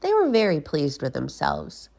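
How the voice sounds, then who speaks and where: A woman reading a children's picture book aloud as a guest reader, slow and expressive. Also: sits low, creaky.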